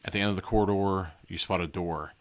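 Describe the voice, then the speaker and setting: A man's voice: sits low, steady tone, fast talker. A man hosting a podcast, casually reading a horror gamebook aloud and breaking off for joking asides. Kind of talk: casual read-aloud with commentary.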